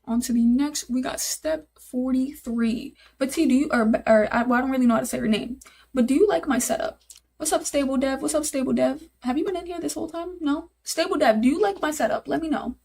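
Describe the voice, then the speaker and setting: A woman's voice: high voice, fairly quick, vocal fry, dark tone. A young woman live-streaming while she codes, thinking aloud, repeating herself, and talking to her chat in casual, easily exasperated chatter.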